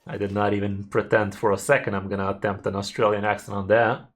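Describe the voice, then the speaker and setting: Male streamer, low-ish pitch; easygoing, chatty gameplay talk, a bit of casual swearing. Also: little pitch movement, fast talker. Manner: laid-back, chatty with viewers, mild swearing.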